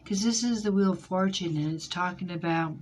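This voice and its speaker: A woman giving a tarot card reading, hesitant and searching, often pausing on fillers as she describes what she feels from the cards. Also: fairly low pitch, slight background noise. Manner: intuitive, speaks in feelings. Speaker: tarot reader.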